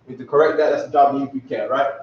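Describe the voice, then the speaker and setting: A man's voice: medium pitch, fairly even intonation, rapid-fire, slight background noise. Slangy man lecturing in an echoey room. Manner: slangy, keeps asking "you know what I'm saying". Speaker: teacher. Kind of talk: casual classroom lecture. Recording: echoey room, distant mic, dull lo-fi.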